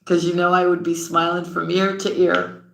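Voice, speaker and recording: A woman's voice: lowish voice, monotone, moderate pace, creaky, echoey room, slight background noise, low-quality recording. A woman giving a tarot reading, chatty and affectionate, calling her viewers sweetheart and honey. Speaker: tarot reader. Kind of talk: tarot reading and livestream shout-outs.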